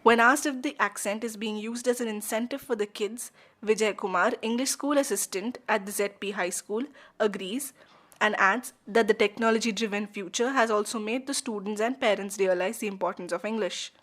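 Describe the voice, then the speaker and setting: A woman's voice: mid-range voice, normal speed. Woman reading news narration. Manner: even, read aloud. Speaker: reporter.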